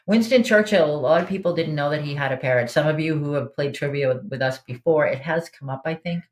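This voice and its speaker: A woman's voice: low-pitched, quick pace, darkish tone. A woman hosting a live online trivia game in a casual, chatty way, reading out answer options and laughing often. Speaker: trivia host.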